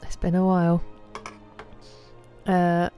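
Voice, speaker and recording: Mellow-voiced British woman chatting. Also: lowish voice, monotone, slow, soft background music. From Britain. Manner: chatty, greets viewers by name. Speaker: streamer. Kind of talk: casual chat with viewers while gaming.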